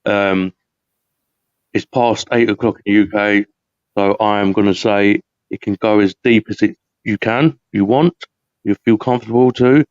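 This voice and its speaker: Uk guy hosting a live podcast, kinda low voice, rambly, dull lo-fi dry sound. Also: steady tone, moderate pace, a little mellow, no room sound. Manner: rambling, chatty, laughs often. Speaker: podcast host. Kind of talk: casual live podcast chat.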